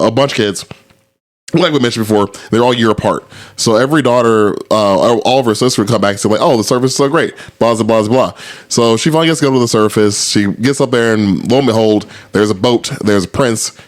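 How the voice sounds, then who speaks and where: A man's voice: fairly low pitch, brisk. A man hosting a podcast, telling stories in a loose, profane, laughing way. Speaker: podcast host. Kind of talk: casual podcast chat.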